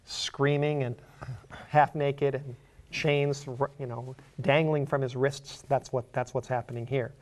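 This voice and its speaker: A man's voice: medium pitch, little pitch movement, a little slow. A middle-aged man preaching a sermon, reading scripture aloud and explaining it in a conversational way, with fillers and repeated words.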